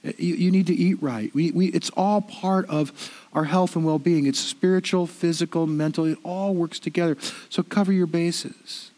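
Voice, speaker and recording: A middle-aged man preaching in a high voice. He keeps it conversational and self-deprecating, often doubling back on his words as he talks. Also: fairly even intonation, moderate pace, darkish tone. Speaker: pastor. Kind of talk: sermon.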